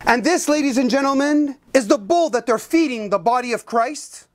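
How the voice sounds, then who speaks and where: A woman's voice: high-pitched, normal speed. A woman Bible teacher preaching in a fiery, indignant and sarcastic way.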